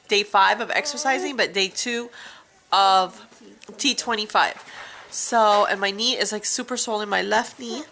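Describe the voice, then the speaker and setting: A woman's voice: mid-range voice, bright, forceful tone. A mother chatting casually on a home vlog she films herself in her bedroom, rambling and breaking off now and then. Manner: rambling, breaks off to scold kids. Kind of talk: casual chat. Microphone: self-recorded camera.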